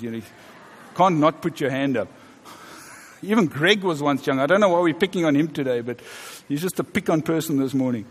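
A man in his fifties preaching a sermon in a church, conversational and joking with the congregation. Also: a little high. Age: 50s. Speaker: pastor. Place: church hall. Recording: reverberant church hall.

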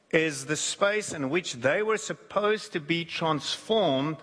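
A man preaching a sermon who acts out quoted voices, shifting his pitch and pace. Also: fairly bright tone. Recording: long hall reverb.

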